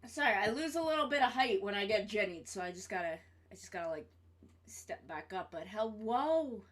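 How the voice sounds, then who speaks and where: A woman's voice: medium pitch, animated, a little fast. A woman streamer chatting casually to her viewers, swearing freely and repeating her greetings. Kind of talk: casual live-stream chat.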